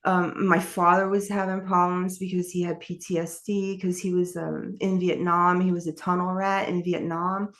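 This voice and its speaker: A woman's voice: lowish voice, little pitch movement, moderate pace, hardly any pauses. A woman telling her life story in an interview, candid and rambling, with many fillers and restarts. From New York. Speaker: author and interview guest.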